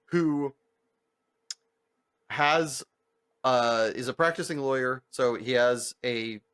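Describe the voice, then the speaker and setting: A young man telling stories on a podcast in a casual, animated way, with heavy swearing, lots of filler words and acted-out voices of the people in his stories. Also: medium pitch, slow, smooth. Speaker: podcast co-host. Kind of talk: casual storytelling chat.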